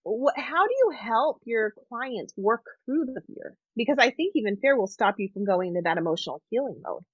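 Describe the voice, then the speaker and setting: A woman hosting a podcast conversation, talking in an animated, candid way and laughing easily. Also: on the high side, a little fast, no room sound. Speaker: podcast host. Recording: dull, dry lo-fi audio.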